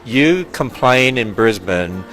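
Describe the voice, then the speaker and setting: Australian man in his 60s, casual tour host, joking with visitors, even mid pitch, light music under. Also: takes it slowly, poor audio. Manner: chatty, jokey, laughs often. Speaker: ministry president giving a tour. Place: walking through a building and outdoors.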